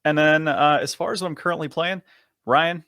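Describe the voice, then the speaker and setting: A man co-hosting a podcast, telling a long story in a casual, animated way and chuckling often. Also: on the high side, a little fast, dry recording, clean studio sound. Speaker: podcast co-host.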